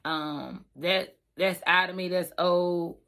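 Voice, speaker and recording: A woman voicing a tired male student driver, lightly lowered. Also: steady tone, slow pace, vocal fry, sharp tone, heavily acted. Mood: weary.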